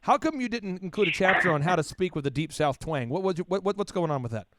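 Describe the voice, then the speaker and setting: A man's voice: high voice, expressive, fast, fairly bright tone, no echo, clean studio sound. A man from Oklahoma hosting an interview show, playful and teasing, often repeating words as he starts a sentence. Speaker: podcast host. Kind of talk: joking interview chat.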